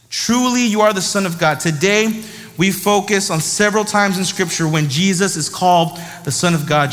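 High-voiced man preaching in a reverberant hall. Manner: lively, conversational, frequent "right?" asides. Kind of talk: sermon.

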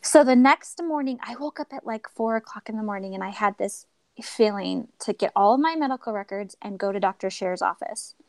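Woman, podcast guest, animated storytelling, acts out quotes, mid pitch, dry close sound. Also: a little fast, dry recording. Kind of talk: personal storytelling.

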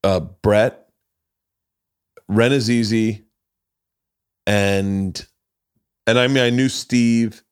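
A man with a fairly low voice talks loosely and at length on a podcast, cursing freely and slipping into the voices of people in his stories. The sound is close and dry, with no room around it. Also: steady tone, very slow, long pauses, clean tone, no room sound. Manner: rambling, profane, acts out quotes in others' voices. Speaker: podcast host. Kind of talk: casual chat.

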